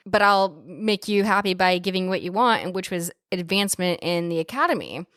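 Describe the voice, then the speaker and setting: A woman's voice: fairly low pitch, a little fast, hardly any pauses, a bit bright, no echo, studio quality. A young adult woman co-hosting a podcast, casually retelling film scenes with playful asides and swearing. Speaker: podcast co-host.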